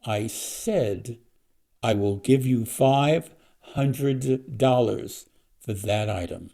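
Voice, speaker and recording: Man reading as an arrogant middle-aged bidder, contemptuous, low, gravelly, dark. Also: animated. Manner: slow, contemptuous, emphatic.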